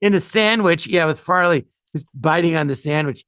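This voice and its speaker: Bright-voiced man rambling through a funny story. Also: on the high side, moderate pace, clean tone, dry recording, clean studio sound. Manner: rambling, laughing at his own stories. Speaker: guest storyteller. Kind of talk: casual anecdote telling.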